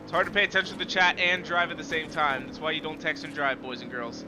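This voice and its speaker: An excitable man with a fairly high voice talks over a racing game, swearing freely and jeering at his rivals. Loud car engines from the game run underneath his voice. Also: quick pace, few pauses, background noise. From United States. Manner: excitable, profane trash talk at rivals. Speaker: streamer. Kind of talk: live gameplay commentary.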